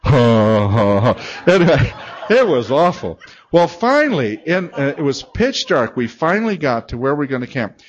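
Lively older man telling funny sermon stories. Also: on the high side, moderate pace, lo-fi sound. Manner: chatty, self-mocking, acts out moans and laughs. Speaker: guest preacher and Bible teacher. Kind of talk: humorous storytelling sermon.

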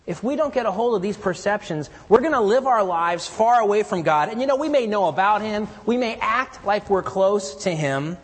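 A man preaching a sermon in an earnest way, swinging between loud emphasis and hushed, quiet lows. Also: animated, moderate pace, few pauses, breathy edge. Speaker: pastor. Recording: reverberant hall.

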